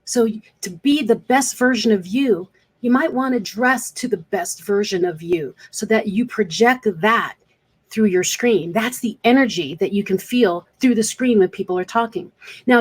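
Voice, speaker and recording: A woman speaker coach talks directly to the camera in an advice vlog, earnest and coaching in tone, repeating points for emphasis. Her voice is fairly high, with a breathy edge and a moderate pace.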